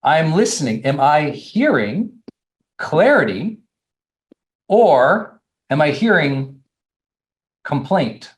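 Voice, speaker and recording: High-voiced man giving a punchy coaching talk. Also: slow pace, long pauses. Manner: animated, emphatic, repeats phrases for effect. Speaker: life coach. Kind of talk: motivational seminar talk.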